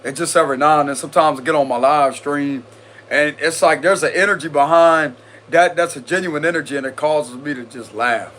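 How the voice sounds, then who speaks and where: A man's voice: a little high, a little fast, fairly bright tone, slight background noise. A man reading tarot cards on a live stream in casual chat, giggling often and talking to viewers in loose slang. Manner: giggly, keeps breaking into laughter; chatty slang-heavy address to viewers. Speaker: tarot reader.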